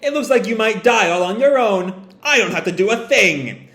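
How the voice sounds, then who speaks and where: A man's voice: sits high, lively intonation, moderate pace, a bit bright, roomy sound, pitched above the performer's own voice. A man voicing a huge, menacing female pirate empress who taunts her foes with a laugh. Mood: mocking. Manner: mocking, laughing.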